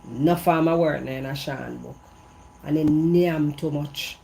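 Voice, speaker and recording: Outside in the evening breeze, this Jamaican vlogger tells a gossipy story in patois, hammering her points home through repetition. Her voice sits low and sounds gravelly yet mellow, her delivery unhurried, with slight background noise.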